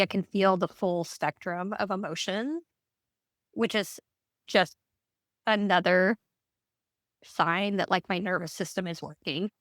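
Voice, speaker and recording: Candid, expressive woman in a dry recording. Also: lowish voice, dry recording. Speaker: guest, breathwork guide. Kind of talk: podcast interview.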